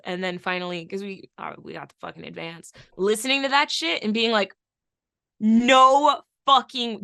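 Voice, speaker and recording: A woman with a mid-range voice co-hosts a music podcast, talking about albums with easy enthusiasm. She swears often and backs her co-host with steady mm-hmms. Her voice is close and dry, with no room sound. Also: medium pitch, dry recording. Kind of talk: casual music review chat.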